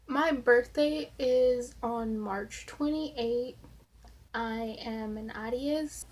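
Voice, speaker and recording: A woman's voice: fairly high pitch, takes it slowly. A young woman vlogger answering Q&A questions and rambling through a story, filling her talk with "like" and swearing casually. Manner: chatty, rambling, lots of "like".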